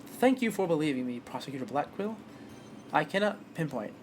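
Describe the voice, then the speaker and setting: A woman voicing a loud, over-the-top male detective with an exaggerated, jovial manner. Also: sits low, sing-song, a little fast, a little hiss or hum. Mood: pleading. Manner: boisterous, exaggerated.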